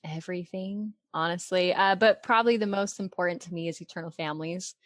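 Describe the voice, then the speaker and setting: Podcast guest: young woman from Arizona, chatty and giggly, lowish voice, dry close sound. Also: fairly quick, dry recording. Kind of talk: casual faith-based interview storytelling.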